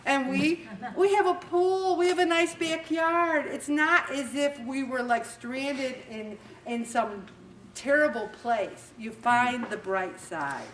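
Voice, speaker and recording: A woman hosting a faith talk show speaks in an animated, self-mocking way, acting out little scenes as she gives a motivational talk. Her voice sits a little high. She sounds a bit far from the mic in a roomy, echoing space. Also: slow, slight background noise. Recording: roomy echo, distant mic.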